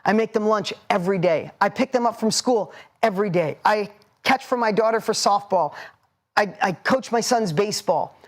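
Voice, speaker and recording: A man's voice: high voice, moderate pace. A man in his forties giving a motivational seminar talk, punchy and emphatic, hammering points with repetition. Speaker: motivational speaker.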